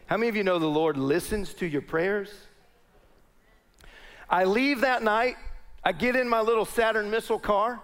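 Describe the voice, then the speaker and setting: High-pitched animated preacher man. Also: brisk. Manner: animated storyteller addressing a congregation. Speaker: pastor. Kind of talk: sermon with personal storytelling.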